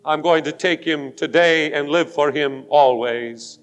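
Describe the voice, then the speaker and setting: A pastor making an urgent, pleading altar call during a sermon in a large church sanctuary. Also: male voice, fairly high pitch, steady tone, measured pace, hardly any pauses. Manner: pleading and urgent, rising to fervent force. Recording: long hall reverb of a church.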